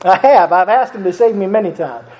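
A preacher giving an earnest, repetitive sermon, often breaking into soft chuckles. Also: medium pitch, lively intonation, fairly quick, rough recording.

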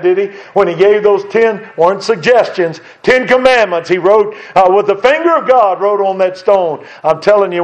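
A man's voice: on the high side, a little mellow. A man preaching a fervent sermon, calling out questions to his congregation and quoting scripture. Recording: dull lo-fi recording.

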